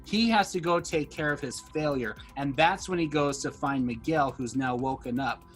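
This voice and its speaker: Animated man retelling TV scenes. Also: medium pitch, moderate pace, faint music behind. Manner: animated retelling of scenes, acting out quoted lines. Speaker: podcast co-host. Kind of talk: casual discussion of a TV show.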